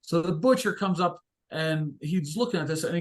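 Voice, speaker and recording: Speaking at a moderate pace with hardly any pauses, a fairly high-pitched man leads an inspirational discussion. His stories come out reflective and tentative, dotted with fillers.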